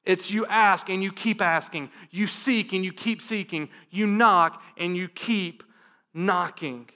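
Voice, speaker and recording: Bright high-voiced male pastor preaching. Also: measured pace. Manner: swings from hushed prayer to loud emphatic preaching; repeats phrases for emphasis. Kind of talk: sermon.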